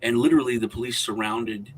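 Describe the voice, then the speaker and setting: A man's voice: mid-range voice, fairly even intonation, fast talker, a little hiss or hum, rough recording. Man rambling through a story. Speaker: co-host. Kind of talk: casual roundtable chat.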